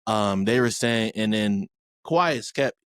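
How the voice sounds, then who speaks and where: A man's voice: lowish voice, expressive, a little slow, clear, resonant tone, no room sound, clean studio sound. A man co-hosting a pop culture podcast, recapping a reality show in a loose, rambling way full of fillers and restarts. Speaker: podcast co-host. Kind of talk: casual pop culture chat.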